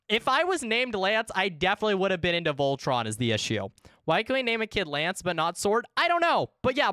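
Young woman, game streamer, very animated pitch, smooth clear voice, dry close sound. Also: dry recording. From United States. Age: 20s. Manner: excitable, chatty, swears freely, chats with her viewers. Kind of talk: casual live-stream chat.

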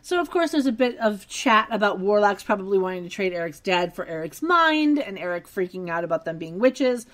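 A woman's voice: mid-range voice, expressive, a little fast, few pauses, fairly bright tone. A woman co-hosting a podcast, recapping a TV episode in casual chat and nitpicking its details. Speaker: podcast co-host.

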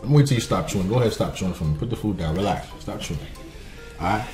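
A man's voice: deep voice, expressive, quick pace, over music. A young man hosting a casual mukbang vlog, teasing his kid playfully while he eats. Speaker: family vlogger and dad.

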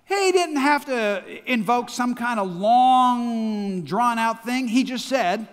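A man's voice: very high voice, lively intonation, slow pace. A man in his sixties with a Midwestern American accent, a pastor preaching a sermon with emphatic call-and-response, recorded in a large church hall. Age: 60s. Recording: long church-hall reverb.

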